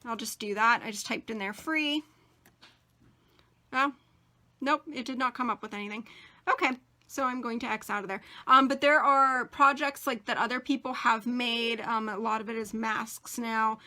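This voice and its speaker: A young woman hosting a casual crafting tutorial, chatty and rambling with many fillers, and a bit hoarse as she is losing her voice. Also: a little high, steady tone, normal speed, sharp tone. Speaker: crafting channel host.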